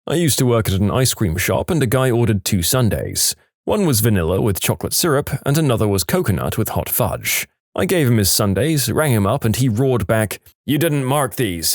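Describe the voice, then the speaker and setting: A man reading stories aloud with a dry, deadpan delivery. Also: fairly low pitch, no echo. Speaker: story narrator.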